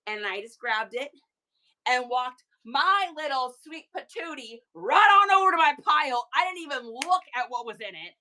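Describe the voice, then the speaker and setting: A woman hosting a reseller livestream, telling a story casually to her chat in an animated way, with quick asides to viewers. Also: high-pitched, poor audio.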